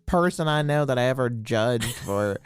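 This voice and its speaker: A woman's voice: a bass voice, lively intonation, moderate pace, smooth, no echo, clean studio sound. A woman guest, a comedian, telling stories in a chatty way in a casual conversation. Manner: chatty, storytelling.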